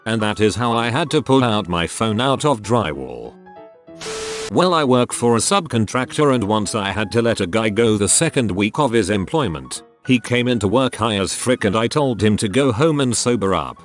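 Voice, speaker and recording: A man's voice: on the low side, expressive, moderate pace. A man reading online stories aloud as scripted narration, with some odd misreadings. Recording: faint music behind the voice.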